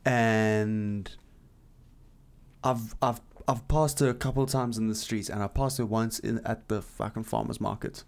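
A man's voice: fairly low pitch, steady tone, a little slow, a little mellow. A man from South Africa co-hosting a podcast, telling rambling anecdotes in casual chat and swearing freely. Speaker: podcast co-host.

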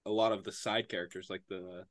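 A man's voice: deep voice, fairly even intonation, brisk, dry recording, clean studio sound. A man co-hosting a casual movie review podcast, giving blunt, opinionated takes. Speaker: podcast co-host.

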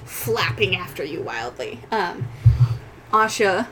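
A woman narrating as game master, describing scenes slowly and deliberately and often laughing. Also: on the low side, big pitch swings, pushed and bright, slight background noise, rough recording.

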